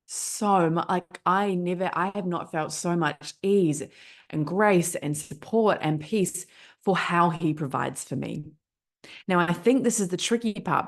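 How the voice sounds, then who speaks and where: A woman in her thirties with a New Zealand accent, hosting a motivational talk show in an emphatic, repetitive way, swearing freely. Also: lowish voice. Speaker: podcast host. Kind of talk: casual motivational monologue.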